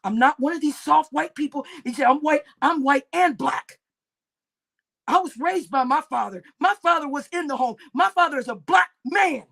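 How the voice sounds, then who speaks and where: Woman streamer, delivering an angry, expletive-laden rant with shouted peaks. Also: high voice, normal speed, creaky. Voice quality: heavy cursing, shouting bursts. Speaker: livestream host.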